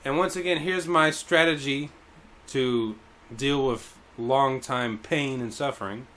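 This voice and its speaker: A man streaming a game and chatting casually, telling a story with animated retellings, putting on other people's voices, and laughing often. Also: mid-range voice, a little slow, slight background noise. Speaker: teacher at a camp in Japan. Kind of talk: casual chat while gaming.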